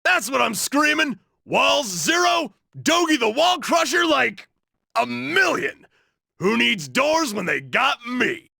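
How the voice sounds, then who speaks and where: An actor playing a burly, boisterous young man in a video game, talking in a loud, cheerful, hollering way. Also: high voice, big pitch swings, moderate pace, gravelly, husky, no room sound, studio quality, heavily acted. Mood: excited.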